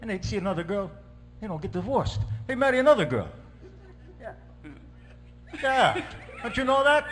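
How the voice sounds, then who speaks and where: With a high, bright voice and big pitch swings, a man speaks at a moderate pace and pauses often. In character as a jovial middle-aged Italian priest, he tells jokes in a put-on accent and broken English for a stand-up sketch.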